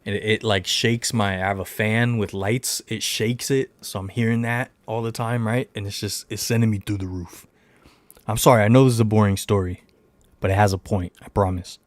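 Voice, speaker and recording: Lowish-voiced man telling a rambling story. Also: normal speed, dry recording. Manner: rambling storytelling, animated retelling of a neighbor dispute. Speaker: livestream host. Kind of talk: casual livestream chat.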